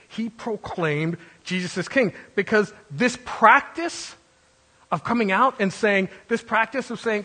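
A man preaching a sermon as pastor, swinging between booming proclamations and sudden quiet drops, with filler words as he reasons aloud. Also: husky.

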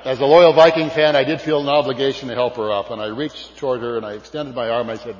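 A man's voice: mid-range voice, fairly even intonation, fast, hardly any pauses. An older man from California telling a folksy, self-deprecating story to an audience, with frequent fillers and restarts. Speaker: speaker. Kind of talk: storytelling speech. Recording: dull sound with long hall reverb.

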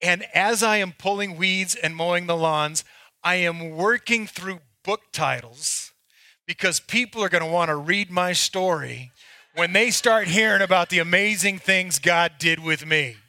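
A male pastor preaches with a ringing, high voice and pokes fun at himself as he tells his stories. His sound is close and dry, with no room around it. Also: measured pace, bright, forceful tone, no room sound. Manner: candid, self-mocking storytelling. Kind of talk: sermon.

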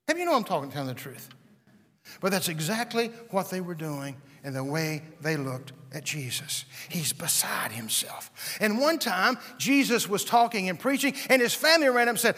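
A man preaching a sermon, dramatic, dropping to a hush and then rising to a shout as he acts out the voices of the people in his story. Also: high-pitched, big pitch swings, normal speed. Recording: long hall reverb.

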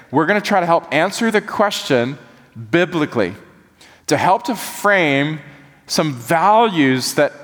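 A man delivers a sermon in a church. His voice carries a long hall reverb around it. He preaches in an animated, folksy way, then sinks to a hush to press his point. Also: fairly high pitch. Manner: animated, folksy preaching, drops soft for emphasis. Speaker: pastor. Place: church sanctuary.

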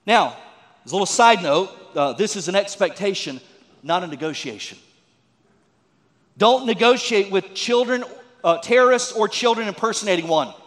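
A man's voice: sits high, lively intonation, moderate pace, long reverb tail. A man preaching a folksy sermon as a pastor, with joking asides and calls to the congregation.

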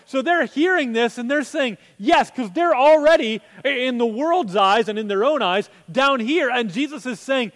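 High-voiced pastor preaching in a reverberant hall. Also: male voice, lively intonation, normal speed, few pauses, fairly bright tone. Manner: conversational, asks rhetorical questions. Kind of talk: sermon.

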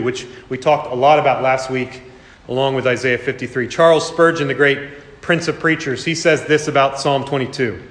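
A man's voice: a little high, fairly bright tone. A man preaching a sermon as pastor, earnest and dramatic, sometimes putting on mocking voices. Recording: echoey hall with long reverb.

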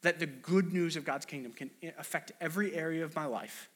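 Youngish guy preaching, chatty and storytelling, voice sits kinda high. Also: brisk, fairly bright tone. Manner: conversational, storytelling with acted quotes and restarts. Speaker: pastor. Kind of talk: sermon.

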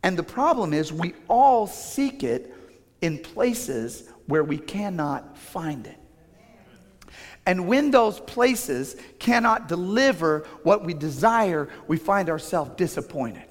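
Pastor, man, middle-aged, slightly higher voice, conversational sermon storytelling, long hall reverb. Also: big pitch swings, takes it slowly. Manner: storytelling, conversational with frequent restarts.

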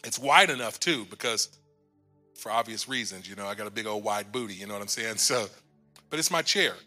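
A man in his forties tells a personal testimony to a church congregation. His voice is bright and forward, and he acts out each exchange as he tells it. His tone sinks low and quiet at the emotional turns, with soft music faintly underneath. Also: fairly quick. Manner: storytelling, acting out his own lines and others' in the retelling. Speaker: guest minister.

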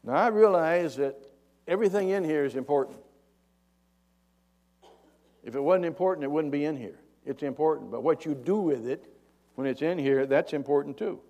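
A man's voice: moderate pace, long pauses. An older man preaching a sermon in a folksy, rambling way. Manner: folksy, rambling, raises pitch and volume to act out yelled dialogue. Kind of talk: sermon with a told joke.

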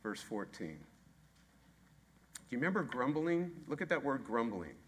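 A man's voice: medium pitch, sing-song, normal speed, husky. A man preaching a sermon, emphatic and repetitive, often asking the congregation rhetorical questions. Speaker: pastor.

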